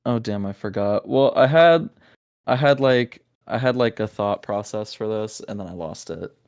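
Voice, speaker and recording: A man narrating a tabletop game as game master, halting and searching for words with many fillers. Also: on the low side, darkish tone, smooth.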